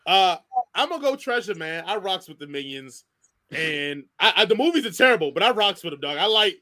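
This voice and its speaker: Man, high voice, casual host, slangy, laughs a lot. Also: sing-song, bright, forceful tone. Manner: laid-back, slangy, quick to laugh. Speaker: podcast host. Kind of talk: casual chat.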